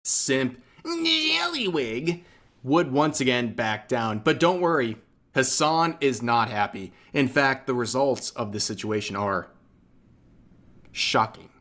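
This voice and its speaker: A man's voice: mid-range voice, unhurried, a bit bright. A man narrating a commentary video in a mocking, sarcastic way.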